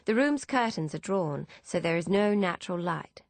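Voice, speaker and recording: Narrating a novel in the first person, this female audiobook reader keeps a calm, steady delivery. The close recording catches her low voice with a dry, studio feel, and there's no room sound or ambience at all.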